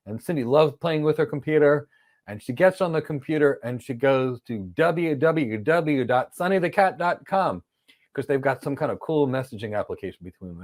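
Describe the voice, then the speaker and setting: A man teaching an online training lesson, explaining ideas through lively storytelling with acted-out dialogue. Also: medium pitch. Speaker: instructor.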